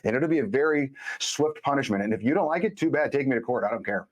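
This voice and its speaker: A man as a podcast guest, speaking bluntly and emphatically in casual conversation, telling stories with quick asides. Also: mid-range voice, expressive.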